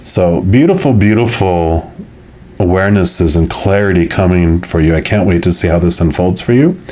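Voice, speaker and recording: Speaking at a moderate pace, a low-voiced man guides viewers through his weekly tarot reading. His musing, gentle delivery wanders in loose phrases that keep looping back.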